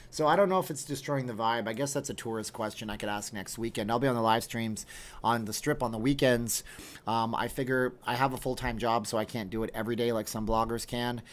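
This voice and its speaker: A man's voice: mid-range voice, brisk. A man with a mid-range voice chats through a casual livestream from home. He reads viewer comments aloud and answers them with a loose, jokey, wry manner. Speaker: livestream host.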